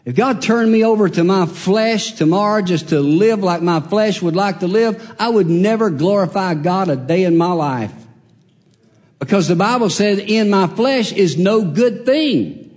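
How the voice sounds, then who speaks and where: Folksy preacher in an echoing hall. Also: male voice, sits high, moderate pace. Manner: folksy storytelling, swings between loud and soft. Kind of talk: sermon. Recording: long hall reverb.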